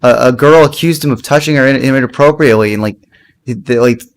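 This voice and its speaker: A man's voice: medium pitch, fairly quick. A young man co-hosting a stream, telling a story in loose, rambling fashion. He stops and restarts his sentences constantly, and laughter breaks in often. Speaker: streamer co-host. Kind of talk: casual chat.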